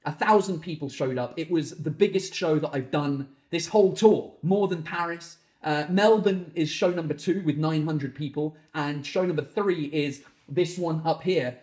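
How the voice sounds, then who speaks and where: Comedian guy ranting on his podcast, sweaty and hot, lots of swearing, echoey little room. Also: a little high. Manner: ranting, sweary, quick swings into shouting. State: overheated and sweating. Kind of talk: solo podcast, answering listener questions. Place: small hot room at the end of a garden.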